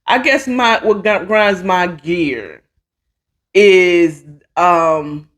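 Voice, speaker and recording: At her computer at home, a woman hosts a casual commentary chat, opinionated and rambling, full of restarts and asides. Her voice sits on the low side, a bit bright, and she draws her words out.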